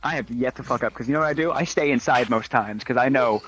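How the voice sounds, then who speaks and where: A young man telling a story in casual chat, animated and swearing freely as he acts out the people in it. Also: medium pitch, fast talker, loud music behind the voice, poor audio.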